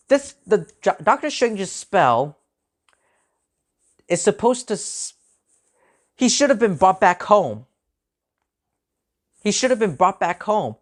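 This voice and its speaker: A man giving a ranting movie review in an agitated way, often repeating himself and restarting his sentences. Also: sits high. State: angry.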